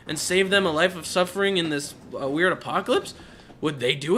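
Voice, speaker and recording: A young man narrates his playthrough in a bright, forward voice, thinking aloud as he weighs each choice. He gets emotional and sometimes jumps into high exclaims. A faint hiss sits under the recording. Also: brisk. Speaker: let's play commentator. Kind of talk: gameplay commentary.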